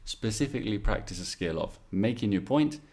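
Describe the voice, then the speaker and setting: A man's voice: on the low side, animated, brisk, a little mellow. A man teaching English in a chatty exam-prep video lesson, explaining with asides and demonstrations.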